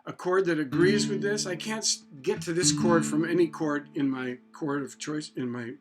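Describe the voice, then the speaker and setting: Male songwriting teacher, high-pitched, casual and musing, guitar under the voice. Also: moderate pace. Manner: thinks aloud, hums and sings snippets. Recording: guitar playing behind the voice.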